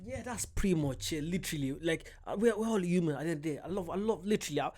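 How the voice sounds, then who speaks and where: A man casually reacting to street interviews, talking in an animated, rambling way and often cutting himself off. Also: fairly high pitch, rapid-fire, heavy background noise. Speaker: reaction video host.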